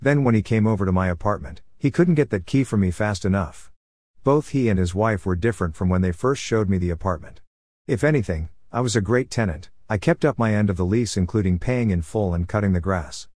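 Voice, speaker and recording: A man calmly narrating a first-person story from his past, in a matter-of-fact way. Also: lowish voice, fairly quick, no room sound, clean studio sound.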